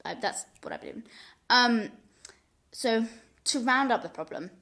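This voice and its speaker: A woman's voice: fairly high pitch, expressive, moderate pace, pushed and bright. Chatty young woman giving earnest advice. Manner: earnest, chatty, many restarts and repeated words. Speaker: podcast host giving advice. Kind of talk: casual advice chat.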